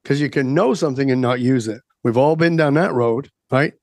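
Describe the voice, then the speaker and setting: A man's voice: medium pitch, brisk, a little mellow, dry recording. Emphatic man, dry close sound. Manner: emphatic, rising to preachy intensity. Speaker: guest coach. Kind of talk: podcast interview.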